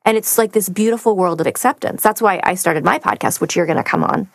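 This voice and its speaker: A woman's voice: on the low side, fast talker, no room sound, studio quality. A woman voice actor chatting as a guest, telling stories and gushing about fans with frequent laughter. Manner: gushing, storytelling, laughs often. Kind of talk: casual chat.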